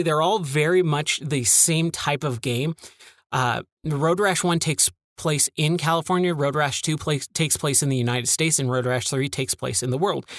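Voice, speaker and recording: A man's voice: fairly high pitch, fairly bright tone, dry recording, studio quality. A man hosting his own podcast, talking casually in a candid, rambling and exasperated way about old video games. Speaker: podcast host. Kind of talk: casual monologue.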